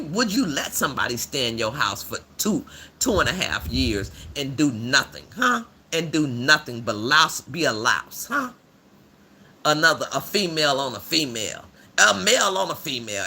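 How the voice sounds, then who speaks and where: A man voicing a blunt, rough-edged older woman who hosts a livestream and gives preachy commentary in a drawling, slang-filled way. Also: on the high side, bright, forceful tone, full character voice. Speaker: livestream host.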